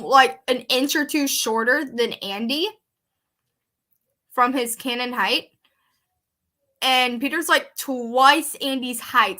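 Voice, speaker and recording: A woman's voice: a little high, expressive, slow pace, bright, forceful tone. A woman reading a fan story aloud with playful, giggly chatty asides. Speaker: let's-play creator.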